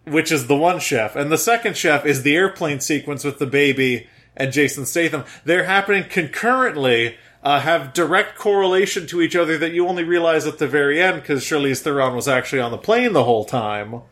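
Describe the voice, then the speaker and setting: A man's voice: a little high, fairly quick, hardly any pauses, a bit bright. Enthusiastic man rambling on a podcast. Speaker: podcast co-host. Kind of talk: casual chat.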